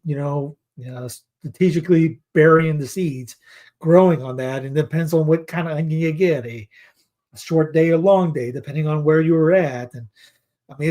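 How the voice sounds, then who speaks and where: Man, slightly high voice, reads news headlines, sarcastic side comments, rambling. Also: darkish tone. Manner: sarcastic asides between headlines; rambling, with many restarts and fillers. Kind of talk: casual news commentary, reading headlines aloud.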